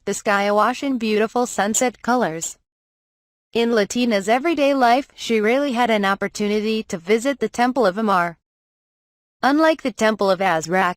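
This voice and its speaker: A woman narrating a light novel audiobook, reading the story and its dialogue in an even, measured way. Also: mid-range voice, dry recording, studio quality. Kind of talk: scripted narration with character dialogue.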